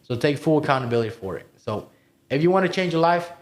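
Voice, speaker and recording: A man's voice: a little high, animated, quick pace. Emphatic, swearing motivational podcast man. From immigrated to the United States as a child. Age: adult, past twenty-one. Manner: emphatic and motivational, swears and says "bro" often. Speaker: podcast cohost. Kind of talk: candid personal story on a podcast.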